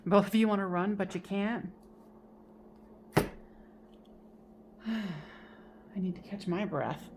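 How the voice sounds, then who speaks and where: Expressive casual woman reading tarot. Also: medium pitch, takes it slowly, pauses often, noisy background. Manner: casual, expressive, swears and laughs at herself. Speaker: tarot reader.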